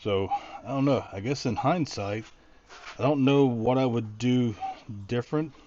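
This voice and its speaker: A man's voice: mid-range voice, a little slow, warm tone, highs cut off, slight background noise. A middle-aged man casually talking through a DIY project, thinking aloud and rambling with frequent restarts. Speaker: DIY vlogger.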